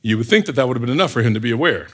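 Animated preacher man, lively pitch. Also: racing, breathy edge. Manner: animated, fires rhetorical questions, acts out scenes. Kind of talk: sermon.

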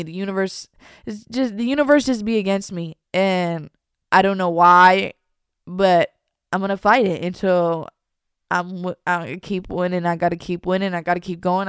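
Young female vlogger, confessional chat, subdued and hesitant delivery, clear smooth tone, dry close sound. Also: medium pitch, no room sound. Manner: halting, trails off, many restarts and fillers; soft and downcast, at times nearly whispering.

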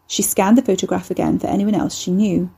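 A woman reading a horror novel aloud in a measured, intimate narration. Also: mid-range voice, steady tone, vocal fry, warm tone, husky. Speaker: audiobook narrator.

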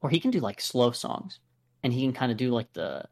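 Very animated and a little fast, this American podcast co-host has a medium-pitched, darkish voice. He reviews an album in casual chat, with plenty of fillers and restarts.

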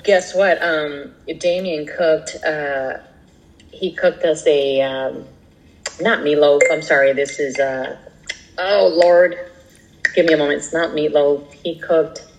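Animated low-voiced woman telling stories. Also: takes it slowly, rough recording. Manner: animated storyteller, acts out voices in quotes. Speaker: podcast co-host. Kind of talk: casual chat, storytelling.

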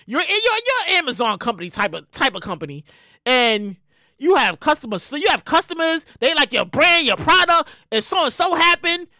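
High, lively woman ranting as host. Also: normal speed, dry recording, clean studio sound. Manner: animated, profane, bursts into shouting. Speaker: show host. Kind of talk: solo comedic rant.

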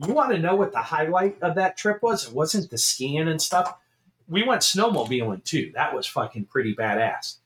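A middle-aged man co-hosting a casual show, telling a long story in an animated way, swearing and laughing as he goes. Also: a little high, normal speed. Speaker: podcast co-host.

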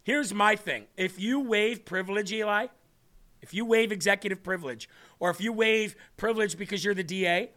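Brief: loud, mocking male talk host, high bright voice, chatty and rambling. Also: normal speed. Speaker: political talk show host. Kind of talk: livestream commentary.

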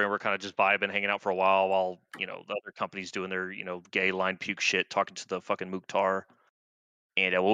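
A man's voice: fairly low pitch, sharp tone, no room sound. A man in his thirties, an army veteran guest, telling war stories in a laid-back, profane, rambling way with lots of fillers. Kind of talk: casual war storytelling.

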